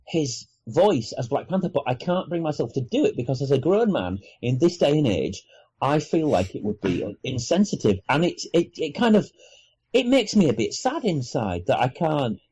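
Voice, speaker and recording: Lively husky Welsh podcast man. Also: medium pitch, normal speed, low-quality recording. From Wales. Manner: animated, hesitant, many restarts. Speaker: podcast co-host. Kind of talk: casual chat.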